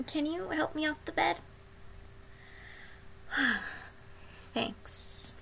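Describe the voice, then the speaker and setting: A young woman with a high, bright voice performs an intimate audio role-play. She speaks slowly and breathily and often slips into soft whispers. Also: creaky, a little hiss or hum.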